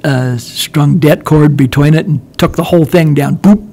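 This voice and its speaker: A man's voice: fairly high pitch, steady tone, moderate pace, a little mellow. An older man, a guest, telling a long war story in casual chat, rambling with many restarts and chuckling as he goes. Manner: rambling, restarts often, laughs while telling.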